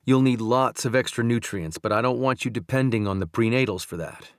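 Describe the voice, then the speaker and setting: A man voicing a calm male country doctor in an audiobook, speaking gently and steadily. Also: medium pitch, a little fast, smooth, no echo, clean studio sound, lightly acted. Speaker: audiobook narrator. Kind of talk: audiobook dialogue reading.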